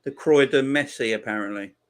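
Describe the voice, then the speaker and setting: A man hosting a live football watchalong, giving casual commentary and chatting back to viewer comments. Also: a little fast. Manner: reacts loudly to chances on the pitch. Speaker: watchalong host.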